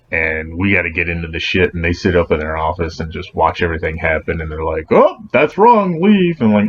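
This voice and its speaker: Male podcast co-host, very low voice, blunt and profane, dull lo-fi audio. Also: slight background noise. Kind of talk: casual chat.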